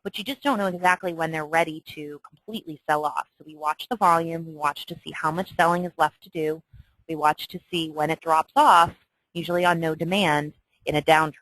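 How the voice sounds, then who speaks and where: Chatty woman teaching chart trading, bright voice. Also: sits low, fairly even intonation, fairly quick, no room sound, poor audio. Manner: chatty, emphatic, often asks "okay?". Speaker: trading instructor. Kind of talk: screen-share trading tutorial.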